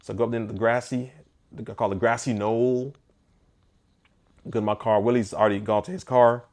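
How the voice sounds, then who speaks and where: A photographer tells a story in a casual storytime vlog, animated and conversational with touches of mock disbelief. He has a medium-pitched voice and a moderate pace.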